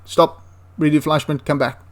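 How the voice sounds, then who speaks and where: A man's voice: fairly high pitch, level tone, a little slow. A man giving a casual, enthusiastic spoken review of a tabletop wargame, rambling into asides and restarting his sentences.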